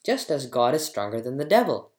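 Narrator doing a calm, good-hearted younger brother for a storybook, echoey room. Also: medium pitch, a little fast, natural voice. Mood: gentle. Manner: calm, peaceful and earnest. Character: gentle, kind younger brother, a young man.

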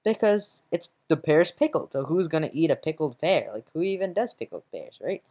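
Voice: big pitch swings, normal speed, a little mellow. A reader voicing a chubby human boy who is fussy about his food, in a raised voice for a comic read aloud. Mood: dismissive. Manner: puts on a higher voice for the boy.

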